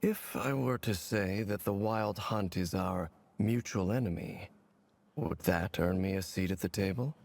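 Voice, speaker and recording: A man voicing a calm, reserved male wanderer in a video game, speaking in a dry, measured way. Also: low-pitched, creaky, no echo.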